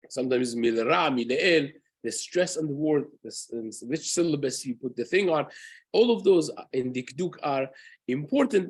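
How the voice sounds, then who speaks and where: A man's voice: on the high side, breathy edge. A man, a rabbi, giving a spoken Torah lesson in an earnest way, often asking "right?" and using Hebrew terms. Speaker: rabbi teaching a daily halacha class.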